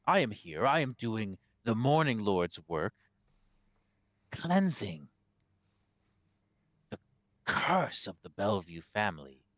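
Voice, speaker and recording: A man's voice: on the low side, sing-song, takes it slowly, pauses often, a bit bright, no echo, heavily acted. A man playing a fanatical preaching abbot. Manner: sermonizing, grandiose.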